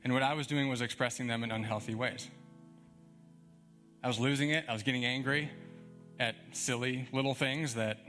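A man's voice: mid-range voice, steady tone, moderate pace, pauses often, a bit bright, faint music behind. A young man preaching a sermon as a pastor, talking in a conversational, emphatic way with frequent chuckles.

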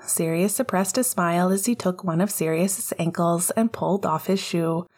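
A woman narrating a fan fiction story aloud in a calm, even storytelling manner. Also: fairly low pitch, moderate pace, husky. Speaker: audiobook narrator.

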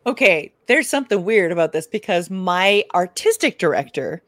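A woman's voice: fairly low pitch, expressive, normal speed, fairly bright tone, dry recording. Bubbly woman on a dry mic. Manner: bubbly, laughs often. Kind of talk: casual podcast chat.

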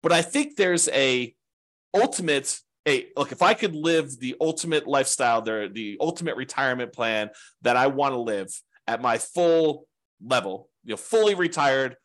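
A man's voice: medium pitch, expressive, moderate pace, fairly bright tone. A man teaching an informal class on real estate investing, talking in a rambling, conversational way with frequent asides.

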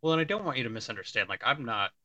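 A man's voice: medium pitch, sing-song, very fast, bright, forceful tone, no echo, dull audio. A man co-hosting a casual podcast, rambling and opinionated, with many fillers and restarts. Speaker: podcast co-host. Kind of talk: casual pop-culture discussion.

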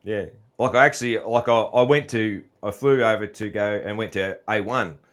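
A man's voice: fairly low pitch, moderate pace, a bit bright. A middle-aged Australian man hosting a podcast, chatting in a laid-back, rambling way and laughing often. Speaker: podcast host. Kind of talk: casual chat.

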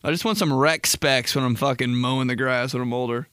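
A young man holds forth on his own podcast, cursing freely and wandering from story to story as he acts out little voices. His voice sits at an ordinary middle pitch, and the sound is close and dry with no room around it. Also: steady tone, fairly quick, fairly bright tone, clear, resonant tone, no room sound. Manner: rambling, profane storytelling with impressions. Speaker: podcast host. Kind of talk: casual solo comedy podcast.

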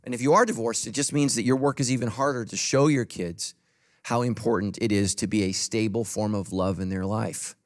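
Emphatic male pastor preaching. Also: brisk. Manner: emphatic preaching, swinging from loud punchy lines to soft low asides. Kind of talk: sermon. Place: church in front of a congregation.

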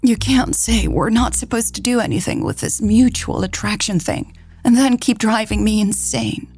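A woman's voice: medium pitch, takes it slowly, vocal fry, darkish tone, slightly rough, dry recording, voice pushed up, full character voice. Woman doing a tearful, tipsy young woman. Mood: angry, tearful.

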